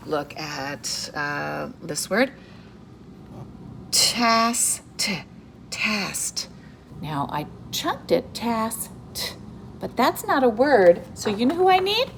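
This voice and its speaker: Woman teacher, kids' video lesson; animated sing-song delivery, gravelly edge, light background noise. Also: mid-range voice. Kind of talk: video lesson for young children.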